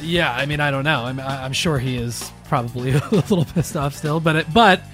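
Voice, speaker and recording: A man co-hosting a podcast, talking in quick, chatty casual conversation. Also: a little high, fairly bright tone, faint music behind. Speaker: podcast co-host. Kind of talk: casual chat.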